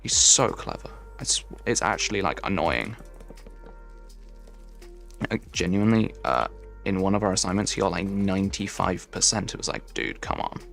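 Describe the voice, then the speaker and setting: Gravelly low-voiced Midlands English young man. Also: normal speed, pauses often, fairly bright tone, faint music behind. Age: young adult. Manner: chatty, rambling, answers chat while building. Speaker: streamer. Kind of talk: casual gaming livestream chat.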